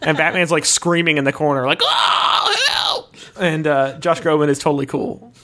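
A young man with a slightly high voice riffs through comedy ideas on a podcast. He rambles playfully, laughs into his own lines and keeps the bits going. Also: fairly even intonation, fairly quick, a bit bright. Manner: rambling and playful, often laughing while acting out characters. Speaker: podcast co-host. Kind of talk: improvised comedy pitching.

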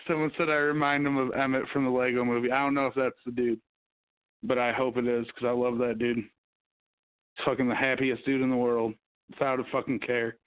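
A man's voice: medium pitch, level tone, a little fast, clean tone, no room sound. A man hosting a casual livestream podcast, ranting and swearing as he reads the news and the comments. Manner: profane, ranting, hums to himself. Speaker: podcast host. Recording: tinny phone-like sound.

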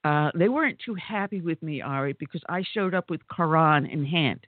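A woman's voice: sits low, expressive, normal speed, dry recording. A woman hosting a conservative talk radio show, chatty and telling stories with exclamations. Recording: tinny phone-like line.

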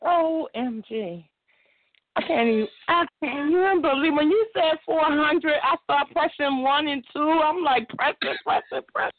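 A woman from Baltimore calling into a show, overwhelmed and excited, rambling and near tears. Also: sits high, normal speed, dry recording. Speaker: caller. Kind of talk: call-in conversation. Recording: dry, tinny phone line.

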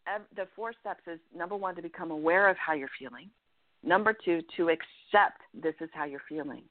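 A woman life coach giving earnest, animated advice as a guest in an interview, often checking in with "right?". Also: fairly low pitch, brisk, dry recording. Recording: dry, tinny phone-line sound.

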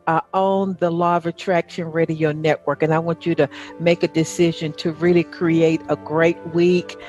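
A woman's voice: lowish voice, no echo. A woman with a Southern accent hosting a talk show, effusive and encouraging toward her guest. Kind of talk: casual interview chat.

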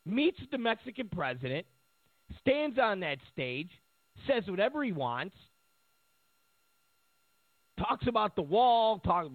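A man's voice: sits high, big pitch swings, measured pace, long pauses, dry recording. A man delivering a sarcastic, mocking political rant, acting out the voices he quotes. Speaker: political commentator. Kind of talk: ranting monologue. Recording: tinny phone-like line, dry.

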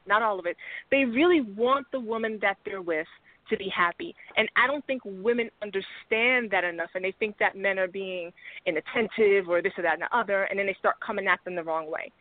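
A woman's voice: mid-range voice, no room sound. Woman host, self-assured teaching tone; tinny phone audio, dry. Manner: confident, instructive, lecturing women on men. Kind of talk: casual podcast chat.

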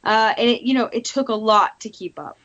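A woman's voice: fairly high pitch, brisk, a bit bright, muffled recording. Woman filmmaker telling a story. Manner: storytelling, with hesitant restarts. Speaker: documentary filmmaker guest. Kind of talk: casual interview conversation.

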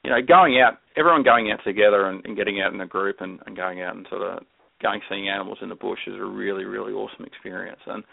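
A man's voice: on the low side, fast, gravelly, dry recording. An Australian man, a guest on a podcast, chatting casually and enthusiastically, rambling with many restarts and frequent laughs. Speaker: guest herpetologist. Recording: tinny phone-like call audio.

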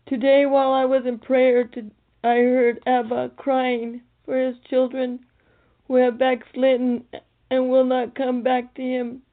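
Woman, high and flat voice, pleading prophetic speaker, thin phone-quality recording. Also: unhurried. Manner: earnest, tearful, pleading. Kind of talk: relayed prophetic message.

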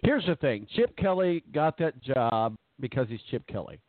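A man's voice: medium pitch, big pitch swings, moderate pace, dry recording. A man co-hosting a sports talk show, chatting casually and joking, rambling into asides. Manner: jokey, rambling, trails into asides. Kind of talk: casual sports radio banter. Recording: tinny phone-line sound, dry.

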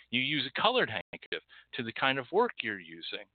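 A man hosts a casual livestream, teaching in an animated, emphatic way and checking in with "okay?" every few sentences. His pitch swings widely from line to line. The sound is dry and tinny, like a phone line. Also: a little fast, dry recording. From Texas. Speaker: host.

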